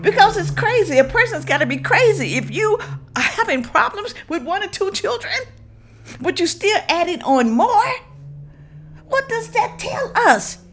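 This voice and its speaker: A woman from Memphis, hosting a reaction video and giving blunt, animated commentary to her viewers. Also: extremely high pitch, a little slow. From Memphis, Tennessee. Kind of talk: casual commentary.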